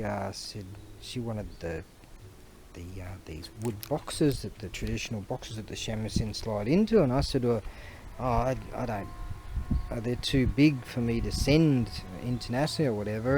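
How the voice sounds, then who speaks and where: A man's voice: mid-range voice, normal speed, a little mellow, a little hiss or hum. A man, chatting casually in a rambling, storytelling way for his vlog, recorded outdoors on a camera mic. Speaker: vlogger.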